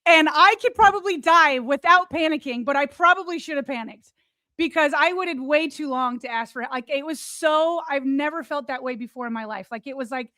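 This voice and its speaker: A woman's voice: sits high, moderate pace, no room sound. A woman co-hosting a podcast, retelling a personal story in a loose chat full of fillers and quoted thoughts. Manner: animated retelling, many "like" fillers.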